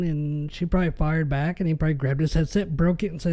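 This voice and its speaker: A man's voice: high voice, fast talker, mellow. A man hosting a podcast, ranting in an exasperated, casual way. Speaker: podcast host.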